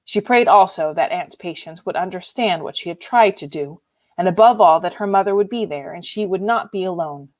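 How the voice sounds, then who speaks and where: A woman reading a novel aloud in an expressive, emotionally involved way. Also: lowish voice, brisk. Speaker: reader. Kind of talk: audiobook reading.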